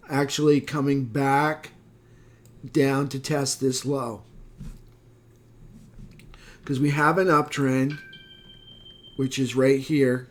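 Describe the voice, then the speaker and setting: A slightly hoarse man giving a casual market recap, thinking aloud with fillers and quick self-corrections. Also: mid-range voice. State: slightly hoarse, losing his voice. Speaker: market analyst. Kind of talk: screen-share market recap.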